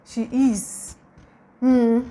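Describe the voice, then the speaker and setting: A young Nigerian woman with a Nigerian accent, talking casually in a vlog and gushing with warm, repetitive praise. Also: a little high, flat delivery, extremely slow. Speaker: YouTuber.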